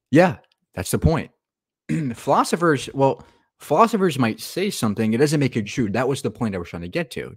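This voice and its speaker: A man's voice: mid-range voice, slightly rough, no room sound, studio quality. A man hosting a reaction video, arguing his point with rhetorical questions and sarcasm. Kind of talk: casual argumentative commentary.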